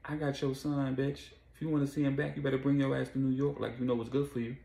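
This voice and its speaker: A man's voice: mid-range voice, level tone, fast talker, creaky, mellow, voice pushed up, close to an everyday voice. A man voicing a ruthless young woman kidnapper who threatens and curses, in an echoey room. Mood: menacing. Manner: threatening, profane.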